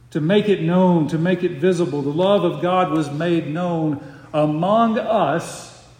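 Man preaching in an echoey hall. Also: a little high. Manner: slows to stress key phrases, repeats words. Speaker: pastor. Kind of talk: expository sermon. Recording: roomy hall reverb.

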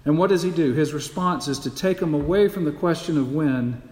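A man's voice: a little high, brisk, darkish tone. A man preaching a sermon as pastor, emphatic, repeating key phrases and asking the congregation rhetorical questions. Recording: echoey hall with long reverb.

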